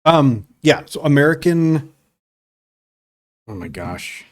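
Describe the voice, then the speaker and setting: A man's voice: fairly high pitch, big pitch swings, no echo. Man with a dry, close sound. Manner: rambling, halting with fillers. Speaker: podcast co-host. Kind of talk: casual chat.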